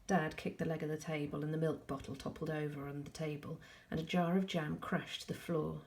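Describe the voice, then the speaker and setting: Teacher reading a class novel aloud, low gravelly voice, calm, measured pace. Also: female voice. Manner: calm, measured narration with soft asides.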